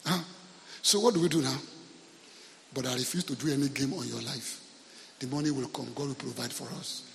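A man's voice: medium pitch, a little fast, vocal fry, big-room sound, slight background noise. A man with a Nigerian accent, a pastor preaching a sermon in church, telling stories with humor and often asking the congregation questions.

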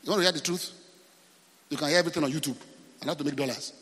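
A man's voice: fairly high pitch, very fast, a bit bright, breathy edge, long reverb tail. A man with a Nigerian accent preaching a sermon as pastor, often asking the congregation questions and repeating himself.

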